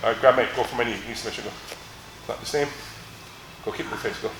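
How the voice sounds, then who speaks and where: A man's voice: medium pitch, fast talker, noisy background. Joking middle-aged male grappling instructor. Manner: joking storyteller, laughs often, demonstrates moves. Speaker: martial arts seminar instructor. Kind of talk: live teaching seminar with anecdotes. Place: large echoey training gym. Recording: echoey gym with faint ambience.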